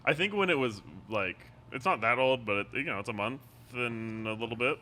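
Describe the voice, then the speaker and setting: Bright-voiced man in a brewery. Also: mid-range voice, lively intonation, a little fast, a little hiss or hum. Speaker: head brewer guest. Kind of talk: casual chat. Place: brewery taproom. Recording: faint taproom ambience.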